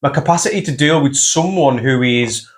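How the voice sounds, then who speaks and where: A man, hosting a casual podcast chat, blunt and quick to swear. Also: mid-range voice. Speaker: podcast host. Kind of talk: casual conversation.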